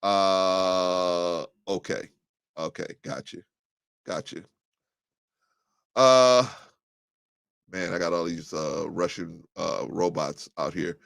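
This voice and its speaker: Blunt low-voiced male talk show host. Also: slow, vocal fry, pauses often, fairly bright tone, clear, resonant tone, dry recording. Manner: blunt and combative, rising sharply when heated; restarts and fillers, thinking aloud. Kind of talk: live call-in talk show, reading chat comments.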